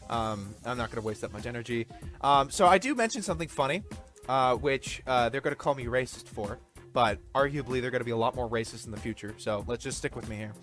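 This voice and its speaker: A man's voice: medium pitch, fast talker, a bit bright, faint music behind. A man commenting over gameplay footage, ranting bluntly, swearing freely and explaining himself at length. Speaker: gaming video creator.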